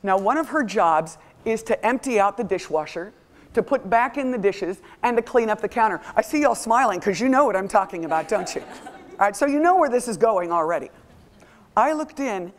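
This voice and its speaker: A middle-aged woman giving a motivational talk to a live audience, telling stories with lively acted-out voices. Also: medium pitch, moderate pace. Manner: animated storytelling, acts out quoted voices. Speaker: motivational speaker.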